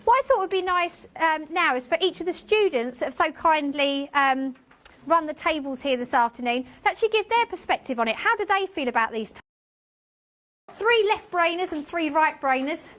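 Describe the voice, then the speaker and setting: A woman's voice: high-pitched, expressive, normal speed, a bit bright. A woman teacher presenting a workshop to a room of colleagues, chatty and self-mocking. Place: conference room with tables.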